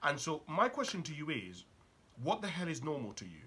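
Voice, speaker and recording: A man gives a motivational talk in a bright, slightly husky voice. His pitch swings widely as he presses the listener with one probing question after another. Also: huge pitch swings, fairly quick. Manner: urgent and probing, fires rhetorical questions at the listener. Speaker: motivational speaker and author.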